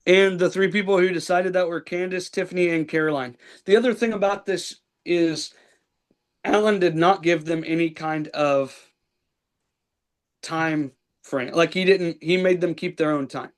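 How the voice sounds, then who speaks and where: Guy hosting a podcast, kinda high voice, rambly recap full of ums and likes. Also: steady tone, normal speed. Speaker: podcast host. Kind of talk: casual recap chat.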